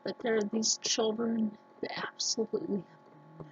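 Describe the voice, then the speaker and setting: Woman vlogger, gravelly voice, slow earnest storytelling, dull lo-fi recording. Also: fairly high pitch, a little hiss or hum. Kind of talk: casual personal talk to camera.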